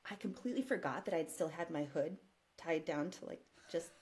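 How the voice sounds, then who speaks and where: A woman guest telling an animated personal story in casual conversation, often breaking into laughter. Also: low-pitched, fairly quick, slight background noise. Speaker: podcast guest.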